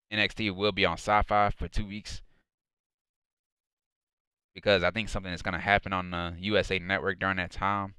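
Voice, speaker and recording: A man's voice: deep voice, steady tone, normal speed, long pauses, sharp tone, clean tone, no room sound, studio quality. A man recapping a wrestling show alone in a casual, rambling way, full of fillers, sometimes acting out quotes with mock heat. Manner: quotes others in a mock-heated voice.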